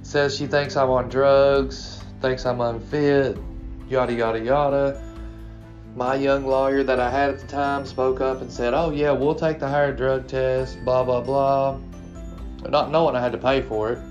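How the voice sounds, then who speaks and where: A man's voice: mid-range voice, level tone, unhurried, a little mellow. A man in his thirties from Kentucky, earnestly telling his own personal story and quoting the people involved. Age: 30s. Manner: plain, earnest storytelling with quoted dialogue. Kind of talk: first-person personal story told to camera. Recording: dull lo-fi recording with faint guitar music.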